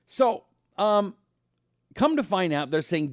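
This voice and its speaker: Man, talk show host, casual monologue, lively swinging pitch, dry close sound. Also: slow pace, pauses often, no echo. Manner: animated storyteller, acts out voices, talks directly to the audience.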